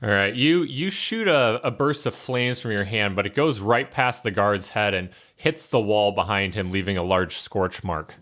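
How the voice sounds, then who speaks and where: Relaxed low-voiced man running a tabletop game. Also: moderate pace, few pauses. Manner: casual, loose narration with many fillers. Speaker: game master.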